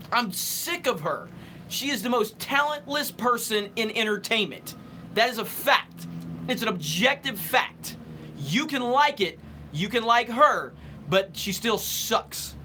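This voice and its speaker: Young male streamer, high-pitched and sharp, heated and profane, answering super chats off the cuff. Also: a little hiss or hum. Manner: stumbling restarts when thinking. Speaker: live stream host. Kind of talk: casual live stream chat reading super chats.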